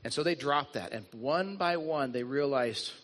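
With a mid-range, slightly bright voice at normal speed, an animated pastor delivers his sermon. His storytelling is earnest and he repeats things often for effect.

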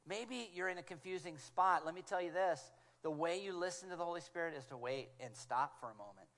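A man delivers a sermon in a fairly high voice. He tells stories animatedly and slips into hushed, quiet tones when he quotes others. He speaks into a small clip-on mic. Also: expressive, brisk. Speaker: guest preacher.

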